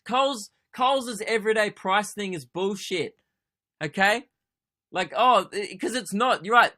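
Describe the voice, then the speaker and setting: A man's voice: high voice, lively intonation, moderate pace, sharp tone. A young Australian man hosting a comedy podcast, telling a sarcastic, sweary story. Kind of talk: comedic solo podcast rant.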